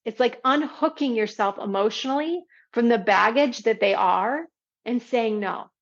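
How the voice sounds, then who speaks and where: A woman's voice: on the high side, normal speed, lo-fi sound. A woman hosting a podcast, teaching listeners in a conversational way and checking in often with "right?" as she explains. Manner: explains step by step with frequent "right?" asides. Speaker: podcast host and parenting coach.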